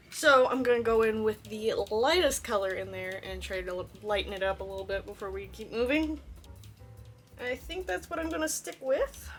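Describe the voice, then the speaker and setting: Brief: young woman, bright-voiced cosplay vlogger, chatty and self-deprecating, faint music underneath. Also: a little high. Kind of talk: casual tutorial narration.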